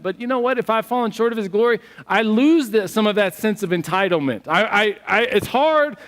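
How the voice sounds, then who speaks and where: A man preaching a sermon as pastor, telling stories in an animated, conversational way. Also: sits high. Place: church sanctuary. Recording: long church hall reverb.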